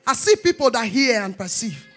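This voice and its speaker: A woman pastor, preaching a sermon in call-and-response style and rising to shouts. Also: on the high side, sing-song, moderate pace, faint music behind.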